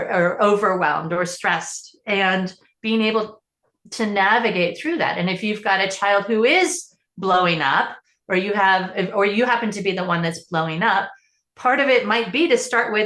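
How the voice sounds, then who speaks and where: A woman's voice: mid-range voice, moderate pace, fairly bright tone. Earnest woman coaching parents, echoey room. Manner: earnest, explanatory, with frequent restarts and fillers. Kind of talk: conversational interview answer.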